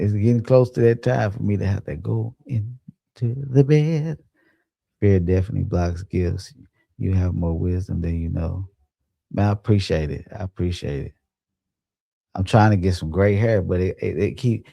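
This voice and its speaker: A young man hosts a late-night livestream and talks in a relaxed, rambling way. His voice is deep and gravelly, very dark and mellow, and it sounds dry and close with no room echo. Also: normal speed, highs cut off. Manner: laid-back, rambling, laughs often. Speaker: livestream host. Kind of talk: casual livestream chat, reading comments.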